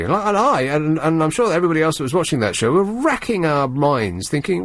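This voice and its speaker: A male radio presenter in a studio, talking in a sardonic, rambling way with animated emphasis. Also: fairly high pitch, quick pace, no echo. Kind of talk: late-night radio talk. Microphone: studio microphone.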